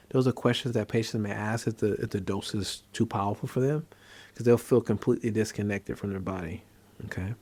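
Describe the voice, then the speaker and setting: Fairly low in pitch and fairly quick, the psychiatrist host's voice has no echo. He explains a treatment in casual talk and tells stories from his practice, animated whenever he reenacts a scene.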